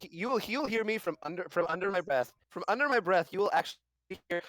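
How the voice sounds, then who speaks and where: A man playing a tabletop role-playing game, playful and quick to slip into character voices. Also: expressive. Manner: playful, breaks into shrill yelled character voices. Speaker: player.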